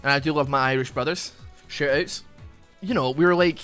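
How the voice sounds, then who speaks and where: A man's voice: a little high, fairly quick, smooth, faint music behind. A man, a gaming YouTuber, chatting casually over gameplay, rambling through a story with lots of fillers. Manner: animated, bursts of laughter.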